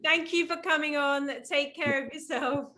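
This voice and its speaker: An English woman in her thirties hosts an interview over a video call. Her voice sits high and bubbly. She jokes along and laughs readily with her guest. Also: fairly even intonation, moderate pace, bright, forceful tone, a little hiss or hum. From England. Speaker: interview host.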